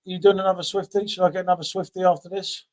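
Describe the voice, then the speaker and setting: An English man chatting casually over beers, talking fast and swearing now and then. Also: high-pitched, flat delivery, darkish tone, dry recording.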